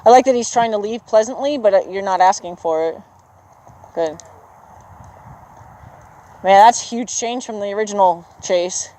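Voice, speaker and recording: A horse trainer coaching a student through a riding lesson in an outdoor arena. The trainer keeps praising the horse and explains things in a relaxed, chatty way. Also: mid-range voice, moderate pace, pauses often, low-quality recording. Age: adult with children. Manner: encouraging, praises the horse often.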